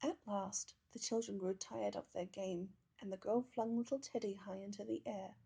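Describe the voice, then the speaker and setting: A woman reading a children's picture book aloud, with gentle, measured storytelling. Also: medium pitch, steady tone, gravelly, slightly rough. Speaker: storybook reader.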